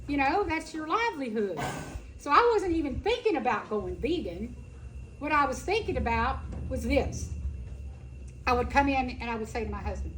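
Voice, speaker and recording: A woman speaking at a festival, telling a personal story in a folksy, emphatic and animated way. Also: sits high, brisk, a little hiss or hum, low-quality recording. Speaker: animal sanctuary founder giving a talk. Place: festival stage.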